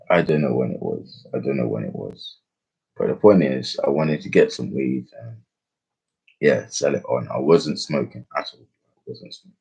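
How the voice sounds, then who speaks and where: A young man tells a personal story in loose, slangy chat. He keeps circling back on himself with fillers and restarts. His voice sits low and slightly husky. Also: darkish tone. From England. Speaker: podcast host. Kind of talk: casual storytelling.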